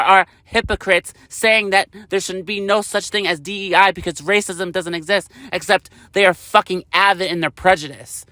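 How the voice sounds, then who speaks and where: Male vlogger, high bright voice, angry profane rant, dry close sound. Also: no room sound. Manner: heated, profane, emphatic.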